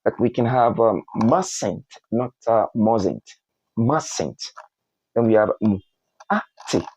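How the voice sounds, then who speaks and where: Slow, deliberate male phonics teacher. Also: mid-range voice, steady tone, darkish tone, no echo, rough recording. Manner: slow, spells out letters one by one, repeats words. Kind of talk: spoken phonics lesson.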